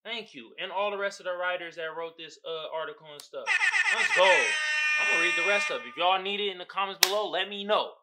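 A young man hosting a podcast, giving casual, profane, animated commentary straight to his listeners. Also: high-pitched, fairly quick, a little hiss or hum. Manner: animated, loud, swearing, talking straight to listeners. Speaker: podcast host.

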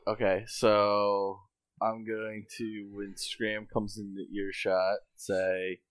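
A man playing a tabletop role-playing game, stating his moves and asking tactical questions deliberately. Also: on the low side, monotone, no room sound. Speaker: player.

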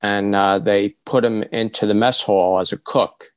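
A man's voice: lowish voice, fairly even intonation, unhurried. A man co-hosting an interview podcast, chatty and telling anecdotes. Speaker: podcast co-host. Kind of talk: casual conversation.

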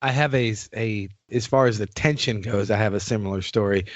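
A man's voice: on the low side, fairly quick, dry recording. A man hosting a podcast in casual chat, telling stories in a laid-back way and swearing casually. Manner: laid-back, swears casually, animated when quoting others. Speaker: podcast host and drummer. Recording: dry, slightly dull sound.

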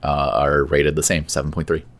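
A man with a very low, deep voice chats casually on a podcast. He reads ratings off a list, adding dry asides and frequent uhs. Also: flat delivery, moderate pace. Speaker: podcast co-host. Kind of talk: casual chat.

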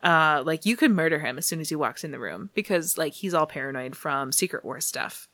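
A woman's voice: sits low, lively intonation, fairly quick, a bit bright. A woman casually recapping a comic story, laughing often and dropping to a whisper for asides. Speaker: podcast host recapping comics. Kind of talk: casual chat.

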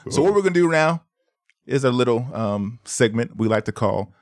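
A man's voice: medium pitch, animated, normal speed, dry recording, studio quality. A man co-hosting a podcast, teasing playfully and laughing often. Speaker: podcast co-host. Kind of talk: casual podcast banter.

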